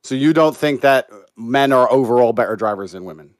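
A man's voice: medium pitch, lively intonation, fairly quick. Assertive man with a British-American accent. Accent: mixed British and American. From United Kingdom. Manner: assertive, lecturing. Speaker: debate guest. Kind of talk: livestream debate.

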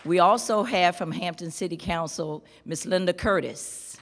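A woman from a school board giving a measured, emphatic formal speech at a ceremony. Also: on the low side, a faint crowd, a little hiss or hum. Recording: reverberant hall.

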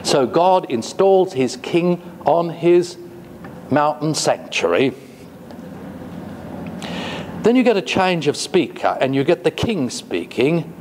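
A man giving a classroom lecture, talking slowly and hesitantly with many fillers and asides. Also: a little high, big pitch swings, darkish tone. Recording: long reverb, faint noise.

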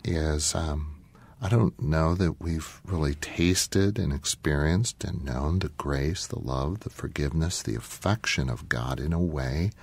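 A man with an extremely deep voice co-hosts a Christian talk show. He talks thoughtfully, pausing with ums as he draws on Scripture. The recording is dry and close, with no room sound. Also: a little mellow, breathy edge, dry recording. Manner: thoughtful, pauses with many ums, quotes Scripture. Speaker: co-host.

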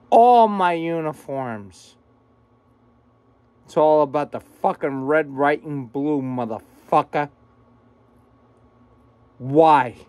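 Agitated male vlogger, high pitch, drawn-out pace, swears nonstop, dry room. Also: clear, resonant tone, no echo. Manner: agitated, swearing constantly, repetitive. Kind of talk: angry profane rant to camera. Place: room at home.

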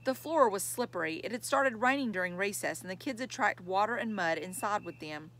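A woman narrating a children's chapter book in a measured, clear storytelling manner. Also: medium pitch, expressive, a bit bright. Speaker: audiobook reader.

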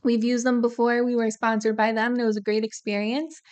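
A woman's voice: on the high side, level tone, fairly quick, darkish tone. A woman co-hosting a casual music reaction chat and reading sponsor spots with bubbly enthusiasm. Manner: bubbly, enthusiastic, talks while eating snacks. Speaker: co-host of a music reaction channel.

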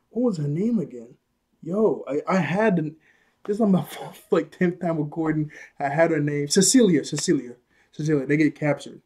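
His voice is a little high and a little mellow. As host of his own anime video, this young man rambles chattily through a retelling of a scene, with restarts and laughter.

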